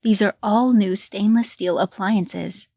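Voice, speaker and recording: A woman voicing a brisk, businesslike female real estate broker in a horror story reading. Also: mid-range voice, steady tone, mellow, dry recording.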